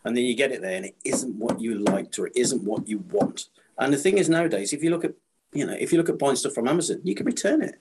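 Speaking quickly at medium pitch, this fifties-aged British man supplies the screen printing trade and talks casually on a podcast. His storytelling is animated and rambling, full of repeats and restarts, with a little hiss or hum in the background.

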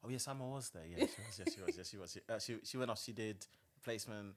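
A young man from hosting a podcast in casual chat, animated and laughing often, stammering through restarts. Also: lowish voice, fast talker. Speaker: podcast host.

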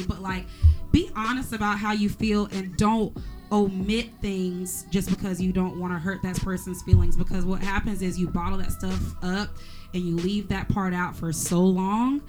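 Married lady chatting on a podcast, acts out the voices when telling stories, music clearly in the back. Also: medium pitch, moderate pace. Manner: animated storyteller, acts out quoted dialogue. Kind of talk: casual group discussion.

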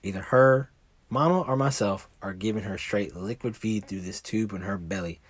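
A man's voice: fairly low pitch, normal speed, husky, dry recording. A man hosting a podcast, rambling in casual chat and swearing freely. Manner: rambling, profane, laid-back. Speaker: podcast host. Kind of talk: casual monologue.

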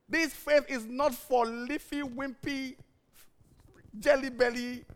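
A male pastor preaching a sermon with emphatic repeated refrains, swinging between shouted lines and hushed, low-spoken ones. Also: steady tone, slow pace.

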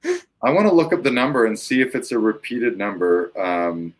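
A man hosting a podcast in loose, casual banter. He talks in an animated way and jumps into playful bits, with an average-pitched male voice. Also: normal speed. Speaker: podcast host.

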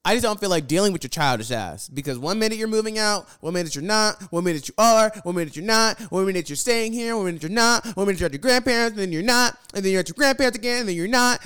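A man's voice: sits high, expressive, fast, hardly any pauses, fairly bright tone, smooth. A young man telling viewers a storytime rant about his roommate, exasperated and profane, repeating phrases for emphasis. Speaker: vlogger.

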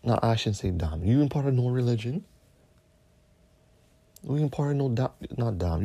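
A man's voice: medium pitch, expressive, moderate pace, vocal fry, mellow, slightly rough. A man hosting a podcast, ranting alone with heavy profanity and slang. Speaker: podcast host. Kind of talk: solo podcast rant.

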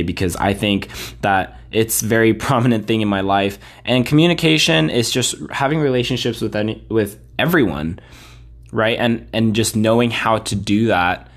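A man hosting a solo podcast, talking in a rambling, blunt, conversational way. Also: on the low side. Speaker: podcast host.

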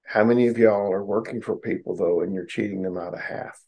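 A man's voice: lowish voice, steady tone, brisk, warm tone, breathy edge. A middle-aged American man, a psychotherapist host, giving casual advice to his listeners in a folksy, joking way.

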